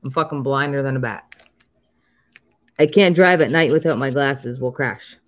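A woman's voice: extremely low pitch, moderate pace, highs cut off. A woman in her thirties chatting casually on a live stream while scratching lottery tickets, drawing out the numbers she calls and laughing often.

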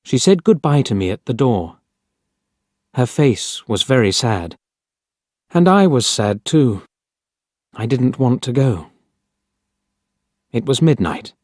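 A man reading a simple story aloud as narrator, clear and deliberate. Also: medium pitch, sing-song, darkish tone, dry recording, clean studio sound. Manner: clear, deliberate graded-reader delivery.

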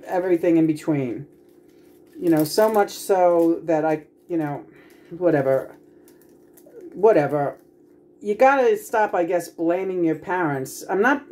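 A woman's voice: mid-range voice, warm tone. Woman, home vlog, frustrated, profane, rambling restarts. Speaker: vlogger. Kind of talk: venting home video chat.

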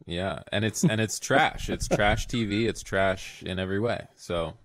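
A man co-hosting a casual podcast in a very low voice. He jokes about himself and laughs easily. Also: unhurried. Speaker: podcast co-host.

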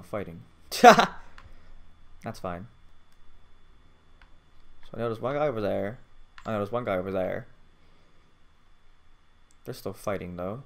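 A man giving live gameplay commentary, swearing constantly and swinging from low muttering to loud excited outbursts. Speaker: gamer.

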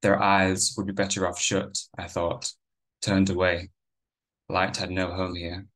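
A man reading his own novel aloud in a measured first-person narration. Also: deep voice, monotone, fairly bright tone.

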